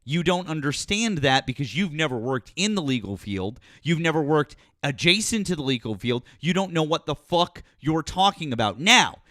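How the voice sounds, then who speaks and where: Brief: high-pitched male talk host, combative and profane, dry close mic. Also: fairly bright tone, no room sound. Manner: combative, profane, berating and repeating himself. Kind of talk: heated call-in political talk.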